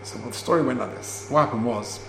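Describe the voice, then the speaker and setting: A man gives a Torah lesson, stopping to explain each Hebrew term before moving on. He tells his story at an unhurried pace, with plenty of fillers along the way. His voice sits at a middle pitch in a roomy space with a faint hum behind it. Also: creaky, a bit bright. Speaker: Torah teacher. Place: classroom, also streamed online.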